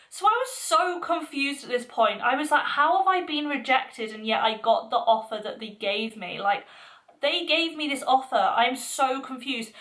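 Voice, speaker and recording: A young woman with a high, sharp, bright voice tells a personal story to camera. She talks casually, with lots of "like" and restarts. Her telling is animated and emotional. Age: young adult. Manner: chatty, filler-heavy retelling. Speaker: vlogger.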